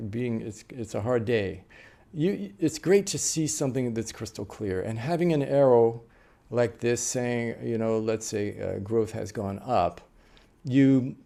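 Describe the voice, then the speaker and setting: A middle-aged interpreter trainer from the United States teaches a class on note-taking, patiently explaining while using many fillers and restarting often. He speaks in a mellow, mid-range voice with vocal fry.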